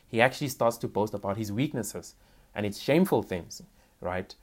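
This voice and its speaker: Male preacher, lowish voice, conversational teaching tone, reads scripture with emphasis. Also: animated, normal speed. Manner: conversational teaching, often asks "right?". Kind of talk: sermon.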